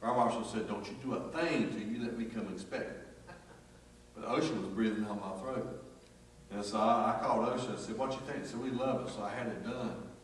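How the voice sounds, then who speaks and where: A man preaching a sermon, telling a folksy, animated story full of acted quotes. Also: fairly low pitch, brisk, a little hiss or hum. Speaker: pastor. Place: church sanctuary. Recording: echoey church hall from far off.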